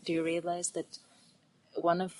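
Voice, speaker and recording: A woman speaking as a podcast guest on spiritual topics, earnest and animated, sometimes dropping into a whisper for emphasis. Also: lowish voice, measured pace, low-quality recording. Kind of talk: spiritual interview talk.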